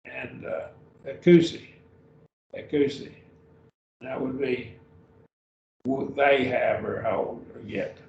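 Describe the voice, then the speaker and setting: Slow, patient man teaching a class. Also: mid-range voice, fairly even intonation, gravelly. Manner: slow, patient, repeats each word form. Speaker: Greek teacher. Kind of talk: classroom grammar lesson. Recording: lo-fi roomy recording from a distance.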